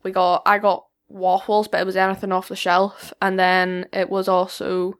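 Teen girl on a family podcast, telling a story in a casual, hesitant way. Her pitch sits at a middling level for a woman. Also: monotone, normal speed. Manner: hesitant, chatty recounting. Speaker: podcast guest.

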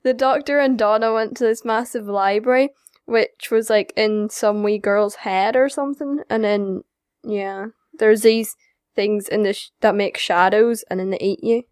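A woman's voice: mid-range voice, fairly even intonation, measured pace, a little mellow. A young girl, giving brief, offhand answers in a casual podcast chat. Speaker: podcast guest.

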